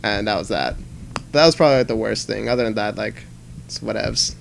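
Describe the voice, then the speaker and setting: Rambling young man, halting. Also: on the low side, vocal fry, a little hiss or hum. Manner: rambling, halting, many fillers. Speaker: podcast co-host. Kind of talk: casual chat.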